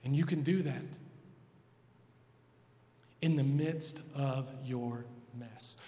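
A male pastor preaching a sermon, moving from hushed pleading to loud, emphatic passages. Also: medium pitch, slow pace. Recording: long hall reverb.

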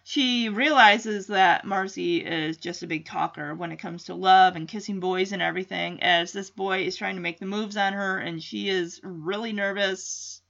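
A woman's voice: medium pitch, fairly even intonation, moderate pace, creaky, few pauses, fairly bright tone, muffled recording. A woman hosting a podcast, recapping an episode in a casual, rambling way and thinking aloud with many fillers and restarts. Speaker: podcast host.

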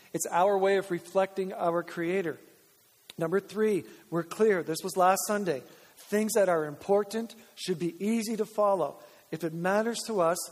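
Guy preaching, highish voice, lots of echo off a big church hall, pumped and repeating himself. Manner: energetic, repetitive, exhorting the congregation. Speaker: pastor. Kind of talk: sermon. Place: large church sanctuary. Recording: long reverb of a church hall.

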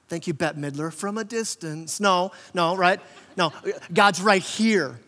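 A man's voice: sits high, measured pace, few pauses, pushed and bright, big-room sound. A man preaching a conversational sermon as pastor, often repeating words and acting out quotes. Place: church hall.

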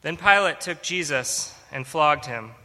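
A man giving a measured, steady reading of scripture. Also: fairly high pitch. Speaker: scripture reader. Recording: long hall reverb.

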